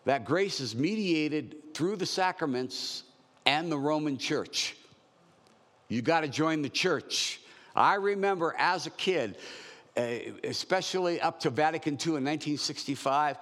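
A man's voice: medium pitch, unhurried, a bit bright, big-room sound. A man in his sixties preaching a verse-by-verse sermon in a conversational, joking way. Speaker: pastor.

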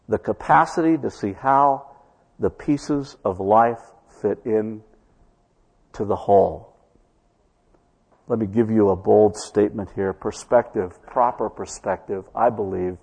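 A male pastor delivers a sermon in a church, his voice slightly husky and breathy. He tells a story to the congregation, drawing out his key words for emphasis. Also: on the low side, darkish tone, big-room sound. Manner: storytelling preacher, slows for emphasis.

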